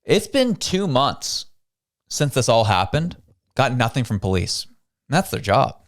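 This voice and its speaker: A man's voice: mid-range voice, sing-song, unhurried. A man from Canada hosting a show, giving casual news commentary in a conversational way, full of rhetorical questions. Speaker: show host.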